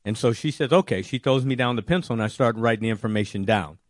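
A man telling a personal faith testimony, animated and acting out his own worried words. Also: mid-range voice, quick pace, dry recording, studio quality. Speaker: testimony speaker.

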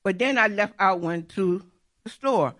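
A woman's voice: medium pitch, a little slow, a bit bright. A middle-aged woman telling a personal faith testimony in an earnest, repetitive storytelling way. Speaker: churchgoer giving testimony.

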